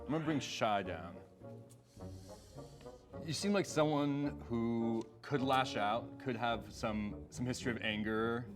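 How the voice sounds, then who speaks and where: Man questioning, music clearly underneath. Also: medium pitch, unhurried. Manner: hesitant, laughing, filler-heavy. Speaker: participant judging a lineup. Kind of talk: casual questioning.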